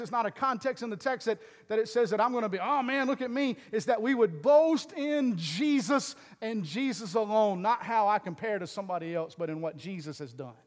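Middle-aged male pastor, high voice, emphatic sermon delivery, long hall echo. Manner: swings from loud, emphatic preaching to low, earnest asides.

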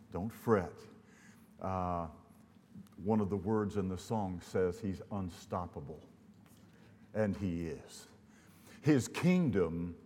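An older man from Louisiana preaches with a folksy, joking storyteller's touch. His voice sits somewhat low, and it rings out with a long reverb through the church sanctuary. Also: darkish tone. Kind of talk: sermon.

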